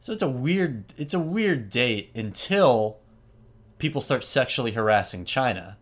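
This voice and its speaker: A man host casually retelling a story, animated and chatty, with frequent asides and fillers. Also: medium pitch, unhurried.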